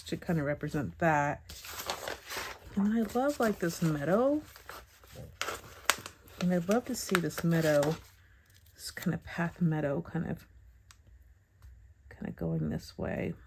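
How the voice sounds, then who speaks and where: Woman with a low voice doing a chill bible journaling tutorial, lots of hmms and pauses. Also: expressive, background noise. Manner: soft, chatty, thinking aloud with hums and pauses. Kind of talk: relaxed craft tutorial narration.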